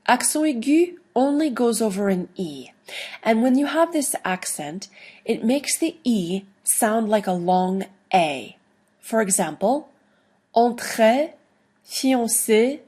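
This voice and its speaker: A woman teaching a recorded online lesson, explaining slowly and deliberately with playful asides. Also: medium pitch, a little mellow, slightly rough. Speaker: language teacher.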